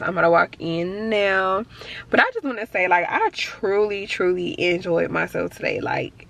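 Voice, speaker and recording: A woman's voice: medium pitch, vocal fry, pushed and bright. A woman in her twenties from the Bronx, chatting casually to her viewers as a vlogger. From Bronx, New York City. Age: 20s. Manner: chatty, talks straight to viewers with lots of "y'all". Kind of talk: casual vlog narration. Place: store, then car and home at night.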